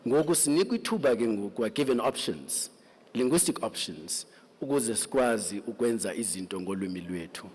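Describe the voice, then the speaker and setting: Measured man speaking formally. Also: lowish voice, expressive, darkish tone, slightly rough. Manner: measured, frequent filler pauses, mixes languages. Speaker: guest speaker. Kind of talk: formal thank-you speech. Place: awards event venue.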